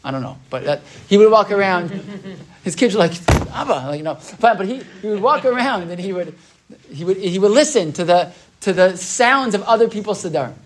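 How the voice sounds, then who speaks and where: Speaking a little fast in a high voice with lively intonation, a man runs a casual Torah class. He's chatty, tags "right?" onto what he says, and acts out the people he quotes.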